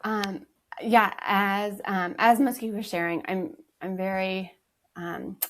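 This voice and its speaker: A woman joins a relaxed podcast conversation as a guest, speaking at an ordinary mid pitch. She tells her story carefully and reflectively, with small hesitations and fillers along the way. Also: slow pace, slight background noise. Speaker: podcast guest, energy healer. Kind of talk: casual podcast chat.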